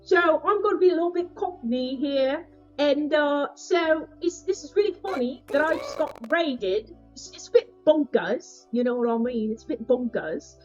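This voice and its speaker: A woman putting on a deliberately bad cockney British accent, chatting playfully with hammy British slang. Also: medium pitch, darkish tone, lo-fi sound, faint music behind, pitched below the performer's own voice, close to an everyday voice. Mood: chatty.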